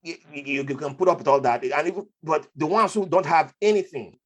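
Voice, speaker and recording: A man from Nigeria tells his story as a podcast guest. His voice sits a little high for a man and swings widely in pitch. He keeps things animated, often jumping into the voices of the people he talks about. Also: brisk. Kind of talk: conversational storytelling.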